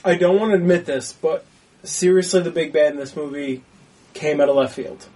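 A man's voice: fairly high pitch, a little fast, warm tone, recorded from a distance. A man in casual movie talk who swears a lot and acts out his own reactions.

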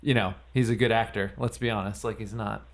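A man's voice: fairly low pitch, steady tone, a little fast. A man in casual podcast banter, talking loosely with hesitations. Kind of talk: casual chat.

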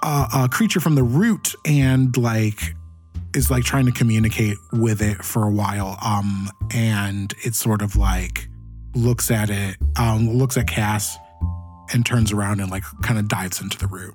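A man's voice: on the low side, fairly even intonation, measured pace, soft background music. A man running a tabletop game as game master, narrating scenes loosely with many fillers.

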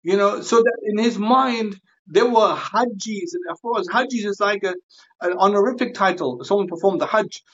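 A man speaking as a guest scholar on a podcast, earnest and halting, often repeating and restarting words. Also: high-pitched, a bit bright, muffled recording. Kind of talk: podcast interview discussion.

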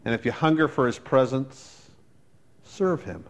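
A man's voice: mid-range voice, measured pace. Man preaching a chatty storytelling sermon. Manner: conversational storytelling, wry asides. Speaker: pastor.

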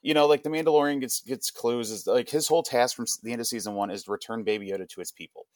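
A young man on a podcast, excitedly recapping an episode in a rambling, casual way full of "like". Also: mid-range voice, fast, no echo. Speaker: podcast co-host. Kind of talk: casual pop-culture chat.

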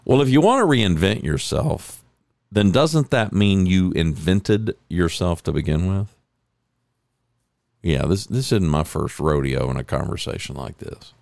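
Deep gravelly man, emphatic monologue. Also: a little slow, no room sound, clean studio sound. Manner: emphatic, builds to higher excited peaks. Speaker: speaker sharing coaching stories. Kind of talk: reflective monologue.

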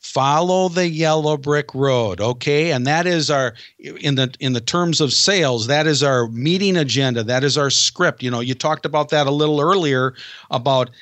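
A man who coaches salespeople retells a familiar film story step by step. He slows down to stress his points. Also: fairly high pitch, a bit bright, no room sound. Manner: dramatic retelling, slows for emphasis. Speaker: sales trainer guest.

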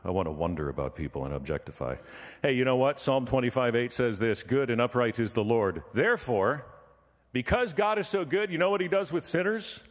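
A man preaching with lively storytelling, now and then acting out the voices of people in his story. His pitch sits in a middle range, and the sound carries the long reverb of a church hall. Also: a little fast. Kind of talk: sermon with storytelling.

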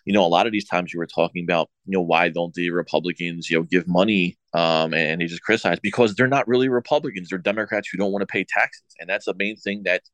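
A man co-hosting a political talk show, arguing his case haltingly with many fillers and repeated words. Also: sits low, fairly bright tone, no echo. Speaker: show co-host.

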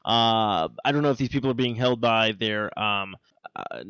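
A man's voice: fairly low pitch, normal speed, a bit bright, clear, resonant tone, no room sound, dull audio. A man hosting a casual podcast chat, teasing his co-host and rambling through a recap with many fillers.

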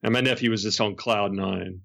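A man's voice: on the low side, fairly even intonation, normal speed, vocal fry, fairly bright tone. A man who is a podcast guest, casually telling rambling anecdotes with frequent chuckles and restarts.

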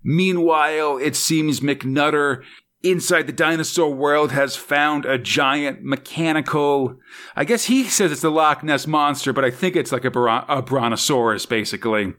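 A man's voice: on the high side, unhurried, fairly bright tone. A man hosting a casual podcast chat, rambling and hesitant, with lots of fillers and small laughs. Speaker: podcast host.

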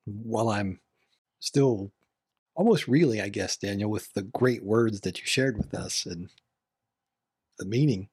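A man's voice: fairly low pitch, a little slow, long pauses, a little mellow, slightly rough, no room sound, clean studio sound. A man in a bible study discussion who talks reflectively and leans on certain words for emphasis. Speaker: discussion panelist.

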